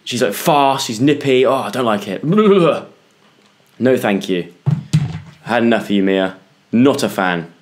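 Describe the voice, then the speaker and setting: A man's voice: lowish voice, normal speed. A young British man commentating a horror game for viewers, jumpy and yelping when scared. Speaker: gaming YouTuber. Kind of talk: let's play commentary.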